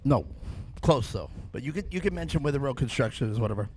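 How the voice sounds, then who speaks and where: A man announcing and interviewing at an outdoor off-road race, excitable and joking on a handheld microphone. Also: quick pace, slight background noise. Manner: excitable, joking, high-energy. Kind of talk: live trackside commentary and interviews. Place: outdoor racetrack podium.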